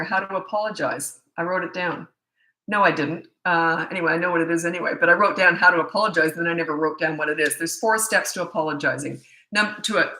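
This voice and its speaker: A woman's voice: fairly low pitch, pushed and bright, roomy sound. A middle-aged woman, a parenting coach, answering viewer questions in a chatty, blunt way with self-deprecating asides. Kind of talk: casual live Q&A.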